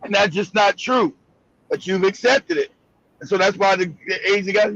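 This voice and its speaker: A man's voice: high voice, steady tone, moderate pace, a bit bright, muffled recording. A man hosting a livestream, delivering heated, profane commentary with emphatic repetition. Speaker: livestream host.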